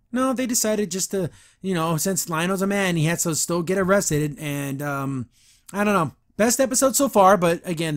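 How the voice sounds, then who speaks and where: A man hosting a podcast, casually recapping and reacting to a cartoon episode in a sarcastic, exasperated way, often laughing. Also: high voice. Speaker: podcast host reviewing a cartoon.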